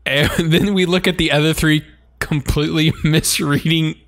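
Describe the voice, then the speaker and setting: A man co-hosting a podcast, telling episode plots in a casual, animated way, often laughing and swearing. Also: a little high, normal speed. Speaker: podcast co-host. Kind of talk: casual anime recap chat.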